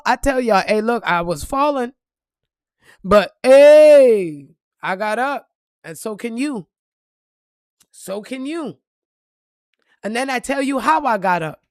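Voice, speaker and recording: A woman vlogger giving a casual motivational talk to her followers, blunt and profane, swinging from loud punchy bursts to soft reflective moments. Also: a little high, no echo, studio quality. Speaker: spiritual reader and motivational vlogger.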